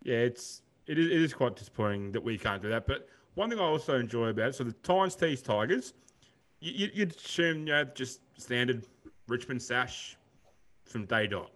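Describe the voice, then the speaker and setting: A man's voice: medium pitch, animated, normal speed, a bit bright. A man with an Australian accent co-hosting a podcast, chatting in a rambling, laid-back way and calling his co-host mate. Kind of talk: casual chat.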